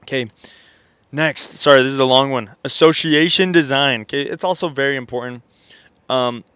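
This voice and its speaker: With a medium-pitched, somewhat bright and clean voice, a congested self-improvement vlogger delivers a loose motivational monologue. Fillers and self-corrections crop up constantly, as do little "okay?" and "right?" check-ins, and the audio has no echo.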